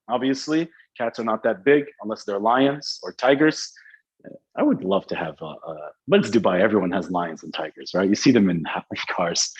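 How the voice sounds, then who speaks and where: A man's voice: mid-range voice, sing-song, normal speed, muffled recording. A man teaching a live online English grammar class, explaining in a chatty, joking way.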